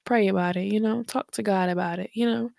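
Tired young woman with a gravelly voice. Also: mid-range voice, steady tone, fairly quick, a little mellow, dry recording, studio quality. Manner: rambling, slangy, many fillers. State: tired and short of breath. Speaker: podcast host. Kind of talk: late-night casual chat. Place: her bedroom. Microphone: headphones and desk mic.

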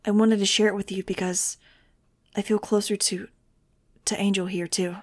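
A woman voicing a gentle, earnest teenage boy with wings, speaking softly and tenderly. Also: mid-range voice, little pitch movement, normal speed, natural voice. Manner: soft and tender.

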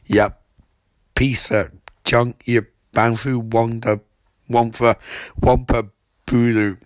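A man's voice: mid-range voice, level tone, no room sound, studio quality, close to an everyday voice. Man doing Caitlin, an exasperated insulting woman. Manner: slow insult-heavy rant.

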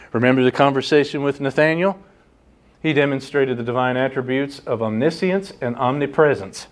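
Guy preaching a bible sermon, earnest, asks the crowd questions, repeats stuff to drive it home. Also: mid-range voice. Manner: earnest teaching, rhetorical questions, repeats for emphasis. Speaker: pastor. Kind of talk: expository sermon.

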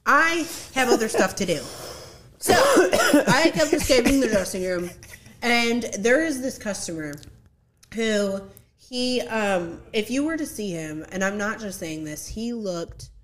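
A young woman telling a story in casual chat, animated and acting out the quotes, laughing often. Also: a little high, a little slow. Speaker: podcast guest.

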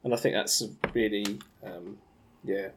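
A man co-hosting a podcast, relaxed and easygoing with a few hesitant fillers. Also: fairly low pitch, measured pace, a little hiss or hum. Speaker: podcast co-host. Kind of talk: casual chat.

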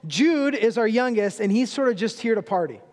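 In a church sanctuary with a long, ringing reverb, a guest preacher in his thirties tells humorous family stories in a relaxed, conversational manner. His voice is high for a man, and he talks fairly quickly.

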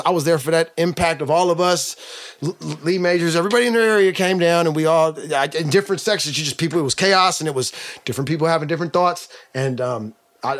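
A man talking as a podcast guest, telling a long story in slangy, rapid speech with many restarts. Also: a little high, fairly bright tone. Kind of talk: conversational storytelling.

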